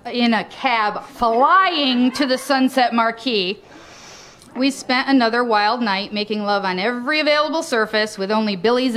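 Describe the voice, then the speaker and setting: A woman's voice: a little high, fairly bright tone, slight background noise. A woman reading aloud from her own memoir in a frank, cheeky storytelling manner, laughing often between lines.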